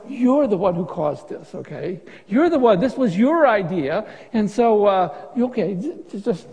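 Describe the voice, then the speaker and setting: A man's voice: sits high, dark tone, in a large hall, low-quality recording. A man preaching a sermon as pastor, in a conversational, joking way with many restarts.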